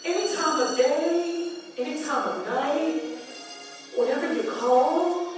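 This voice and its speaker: A high-voiced woman minister delivers a slow, heartfelt tribute, stacking phrases of praise in a preacher's rhythm. She sounds distant, her voice ringing through a big hall over music and a murmuring crowd. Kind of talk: heartfelt birthday tribute speech. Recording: echoey hall from far off.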